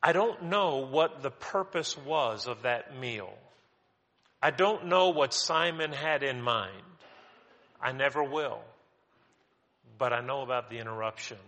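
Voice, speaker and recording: A male pastor preaching a sermon in a church, emphatic and animated, repeating words as he builds his points. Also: mid-range voice, unhurried. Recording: long hall reverb.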